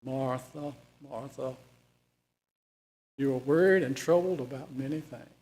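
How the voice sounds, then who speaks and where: A man voicing a calm, gentle male teacher who corrects someone softly and without harshness. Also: on the high side, close to an everyday voice, poor audio. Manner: calm, soft, unhurried.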